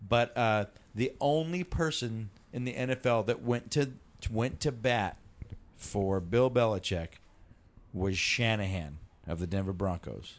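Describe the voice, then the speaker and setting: A man's voice: fairly low pitch, a little slow. A man hosting a podcast, talking through a story in a loose, rambling way with plenty of swearing. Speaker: podcast host. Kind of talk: casual chat.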